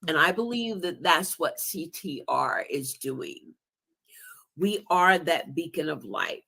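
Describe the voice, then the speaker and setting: Slow, gravelly-voiced heartfelt woman. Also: low-pitched, expressive, pushed and bright. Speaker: guest podcaster. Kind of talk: casual live-stream chat.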